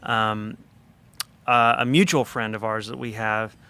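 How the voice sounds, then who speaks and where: A man with a bright, crisp voice recounts a studio anecdote as a podcast guest. He talks in a chatty, animated way, leaning on fillers and asides as he goes. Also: on the low side, measured pace. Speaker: record producer guest. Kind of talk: casual storytelling in a podcast interview.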